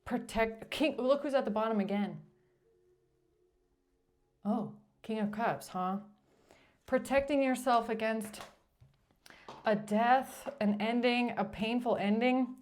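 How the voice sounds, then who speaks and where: A woman's voice: on the high side, takes it slowly, pauses often, a little mellow. A woman giving a tarot reading in a blunt, emphatic way, cursing when she gets frustrated. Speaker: tarot reader.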